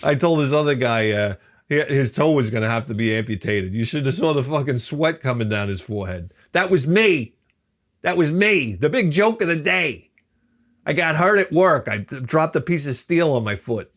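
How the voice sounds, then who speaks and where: Middle-aged guy, rambling profane storyteller, mid-pitched, swings into funny quote voices. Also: normal speed. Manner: profane, animated, acts out quotes in other voices. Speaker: channel host.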